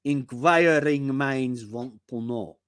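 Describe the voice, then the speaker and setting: A man's voice: mid-range voice, slow, a bit bright, clear, resonant tone, no echo, studio quality. A man hosting a casual live stream, rambling and chatty as he greets viewers by name from his home.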